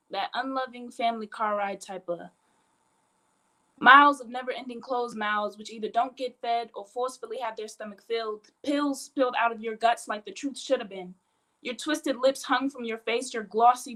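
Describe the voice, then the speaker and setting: A woman performing a spoken word poem at an online open mic, with a measured, emphatic delivery. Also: a little high, steady tone, bright, forceful tone, poor audio. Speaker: poet. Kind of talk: spoken word poetry reading. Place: home, online video call.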